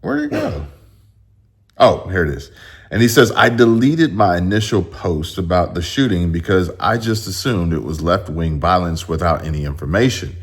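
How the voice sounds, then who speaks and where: Low-voiced guy doing casual political commentary, kinda rambly, hunting for posts as he talks. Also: moderate pace, husky. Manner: rambling, searches aloud for posts.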